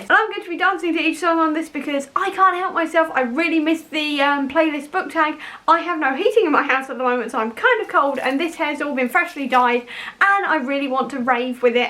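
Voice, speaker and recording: A young woman, gushing excitedly as a book vlogger, a little out of breath. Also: high voice. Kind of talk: enthusiastic casual vlog.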